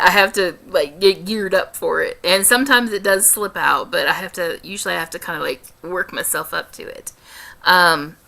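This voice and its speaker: A young adult woman with a light Midwestern American accent, answering questions in a casual vlog with careful, deliberate diction and frequent restarts. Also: lowish voice, gravelly, bright, forceful tone. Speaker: vlogger.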